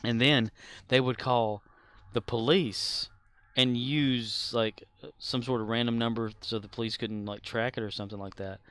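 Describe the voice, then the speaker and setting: A man's voice: medium pitch, steady tone, moderate pace, a bit bright, clear, resonant tone, dry recording. A man streaming a game, chatting casually and rambling on, laughing often as he talks. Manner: rambling, talkative; laughs often while talking. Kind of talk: casual chat while gaming.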